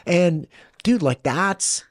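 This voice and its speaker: A man hosting a podcast, casually retelling a film in an animated way and acting out the quotes. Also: sits high, no room sound. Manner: retells a film scene with quick acted quotes. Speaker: podcast host. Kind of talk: casual chat, animated storytelling. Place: studio.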